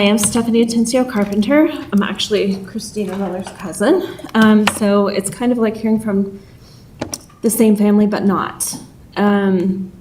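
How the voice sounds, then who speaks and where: Woman, mid-pitch, hesitant public commenter, some distance from the mic. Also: darkish tone, a little hiss or hum. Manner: halting, with fillers.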